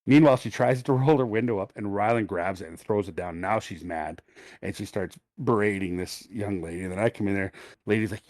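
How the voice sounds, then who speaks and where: Guy on a podcast, low voice, cussing a lot, dead dry room. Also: a little fast, no echo. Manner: profane, animated storyteller. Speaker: podcast co-host. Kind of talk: casual storytelling chat.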